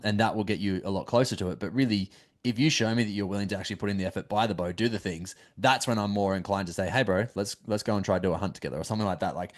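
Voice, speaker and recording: A podcast host shares earnest, plainspoken advice in a relaxed conversation. His voice sits on the low side for a man. He talks straight to the listener with a steady sense of conviction. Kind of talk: casual podcast chat.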